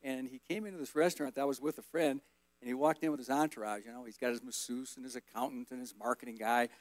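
A man's voice: mid-range voice, quick pace, no room sound. Folksy man sharing a church testimony. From Colorado, USA. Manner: relaxed, folksy, rambling with fillers. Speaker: guest speaker. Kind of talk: personal testimony storytelling. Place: church service.

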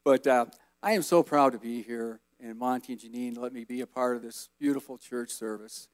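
A man in his fifties giving a relaxed, rambling personal testimony as guest speaker at a church service. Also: medium pitch, fairly quick, no echo. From Colorado, USA. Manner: relaxed, folksy, rambling with fillers.

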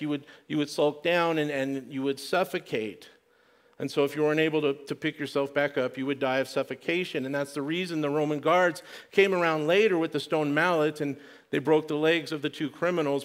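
A man preaching a sermon, earnest, restarting and repeating words, dropping to a hush for quoted prayer. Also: fairly high pitch. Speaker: pastor.

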